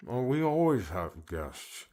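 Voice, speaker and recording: A man's voice: medium pitch, big pitch swings, takes it slowly, dark tone, voice pushed up. A man voicing a cheeky young hero who mutters sarcastic asides. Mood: wry.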